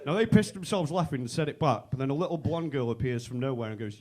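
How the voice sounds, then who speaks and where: A young man from Manchester, England, performs stand-up on a comedy club stage before a live audience. In a medium-pitched, darkish voice he races along with hardly any pauses, telling brash, swear-filled stories and acting out what his friends said.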